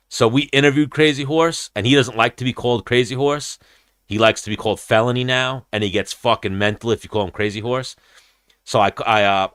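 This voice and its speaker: Casually chatting on his podcast, a young host rambles through a long, profane story and voices the people he quotes. His voice is lowish and a bit bright. The sound is dry and of studio quality.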